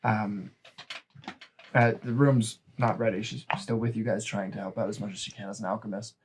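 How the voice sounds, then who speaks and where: A man's voice: lowish voice, steady tone, moderate pace, a little hiss or hum, poor audio. A man running a tabletop game as game master, narrating with many hesitations. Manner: hesitant, filler-heavy narration.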